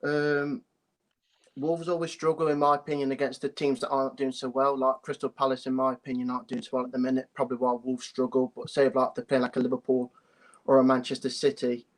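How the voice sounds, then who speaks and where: A man's voice: mid-range voice, monotone, fast talker. A young man calling in to a phone-in show, talking hesitantly, apologizing often and restarting his sentences. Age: young adult. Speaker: caller. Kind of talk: phone-in chat.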